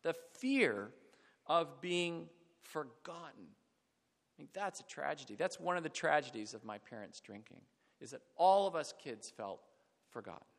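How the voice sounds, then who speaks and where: A middle-aged man preaching a reflective sermon, falling to a hush on sad points. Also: fairly high pitch, very animated, unhurried, gravelly. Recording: long hall reverb.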